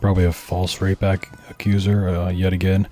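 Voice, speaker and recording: A man's voice: sits low, completely flat delivery, fairly quick, loud music behind the voice. A man giving blunt, opinionated commentary on a stream and swearing freely. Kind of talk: casual commentary over footage.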